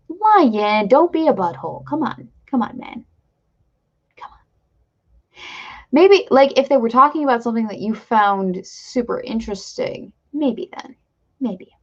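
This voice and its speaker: A woman hosting her own live stream, chatting casually and rambling with self-deprecating asides to her viewers. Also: mid-range voice. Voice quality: gravelly fry in voice. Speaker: streamer host. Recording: slightly dull lo-fi stream mic.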